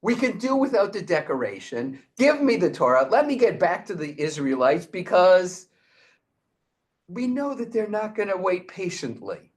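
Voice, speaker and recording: A man's voice: high voice, very animated, normal speed, pitched above the performer's own voice. A man voicing Moses as an impatient adult man who protests and pleads in a retold story. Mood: exasperated.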